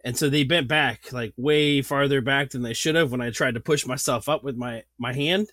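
This thirty-something podcast host has a mid-range voice and moderate pace. He spins a story in a relaxed conversation, laughing frequently and saying "like" a lot. The sound is dry and clean, studio quality.

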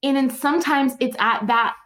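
A woman guest on an interview show, telling stories in an animated way and laughing often. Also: high voice, moderate pace, echoey room. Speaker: guest, organizer. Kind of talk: conversational storytelling.

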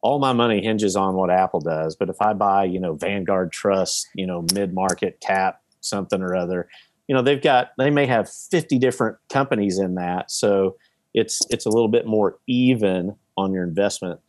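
Low-voiced man explaining investing. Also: normal speed, dry recording, clean studio sound. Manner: explains with everyday examples, many fillers. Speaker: podcast guest, real estate investor. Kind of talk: casual podcast conversation.

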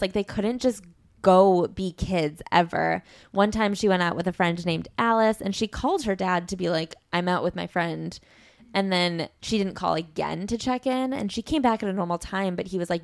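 A woman's voice: mid-range voice, normal speed, no room sound, studio quality. A woman co-hosting a podcast, chatting casually about a memoir and leaning often on "like". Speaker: podcast co-host. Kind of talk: casual book discussion.

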